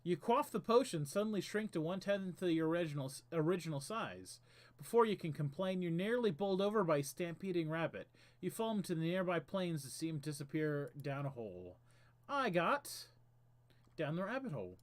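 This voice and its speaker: Lively, high-voiced man streaming a game. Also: a little fast. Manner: chatty, reads text aloud with stumbles. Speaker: streamer host. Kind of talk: casual game stream, reading game text aloud.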